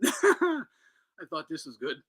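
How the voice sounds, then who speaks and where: Animated, profane male podcast host. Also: high voice, slow, slightly rough. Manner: loud, profane, laughing mockery. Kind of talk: casual chat.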